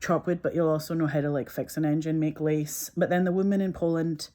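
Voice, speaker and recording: A woman talking in a chatty, meandering way, full of "like" fillers and quick laughs, while sipping a juice. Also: low-pitched, steady tone, dark tone. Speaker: filmmaker talking to camera. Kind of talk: casual rambling monologue.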